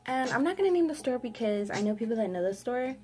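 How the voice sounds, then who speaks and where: A young woman vlogger telling a sassy, animated storytime while doing her makeup. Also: fairly high pitch, quick pace, over music. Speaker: beauty vlogger. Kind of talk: get-ready-with-me storytime.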